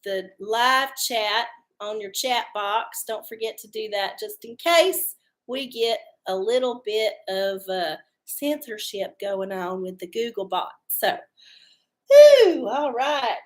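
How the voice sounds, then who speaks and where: A woman's voice: a little high, big pitch swings, takes it slowly. A woman hosting her own livestream, chatting casually and swearing freely. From Texas. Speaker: livestream host. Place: home studio under hot lights.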